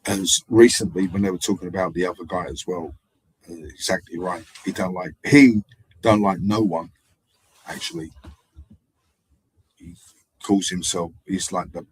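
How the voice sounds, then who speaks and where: A man drifts through a meandering live-stream monologue, circling back and repeating himself. His voice sits low and has a husky edge. The sound is dry and close. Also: fairly even intonation, moderate pace, long pauses, no room sound, rough recording. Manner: digressive, hesitant, repeats himself. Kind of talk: rambling casual monologue.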